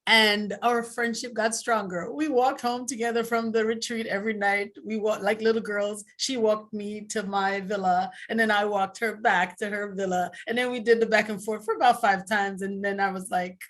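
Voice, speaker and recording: A woman speaking at a book launch, telling an animated story about a friend and breaking into loud exclamations. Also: mid-range voice, normal speed, hardly any pauses. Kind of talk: lively storytelling tribute.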